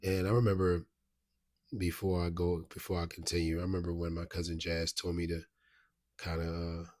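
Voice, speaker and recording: Man, low husky voice, monotone, rambling storytelling. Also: moderate pace. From Baltimore, USA. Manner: rambling, restarts, frequent "you know what I mean". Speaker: vlogger. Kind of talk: casual storytelling to camera.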